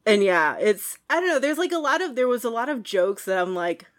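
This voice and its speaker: A woman co-hosting a casual movie review podcast, animated and quick to laugh, with plenty of fillers. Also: fairly high pitch. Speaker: podcast co-host.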